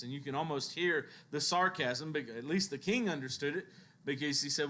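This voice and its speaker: Man preaching with animated storytelling. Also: moderate pace. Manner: animated storytelling, acting out biblical quotes with shifts in pitch and loudness; chuckles between stories. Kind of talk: sermon.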